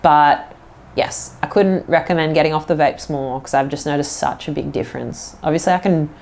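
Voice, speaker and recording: A woman's voice: deep voice, normal speed, vocal fry, darkish tone. A woman hosting a casual solo podcast, rambling loosely with lots of "like" and "um" and slipping into playful put-on accents. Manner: rambling, fills talk with "like" and "um". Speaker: podcast host.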